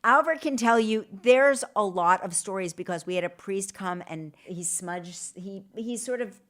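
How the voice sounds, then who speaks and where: A woman in her fifties hosting a talk show, telling animated stories and swearing freely. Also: mid-range voice, unhurried. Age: 50s. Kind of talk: casual chat.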